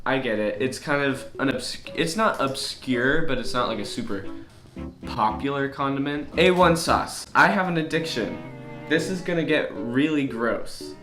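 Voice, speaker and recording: A young man in his late teens rambles goofily to the camera and pokes fun at himself. His voice sits at a middling pitch. The room is echoey, with guitar music playing behind him. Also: expressive, moderate pace, a bit bright. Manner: rambling, self-mocking, goofy. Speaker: vlogger. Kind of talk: casual chat to camera.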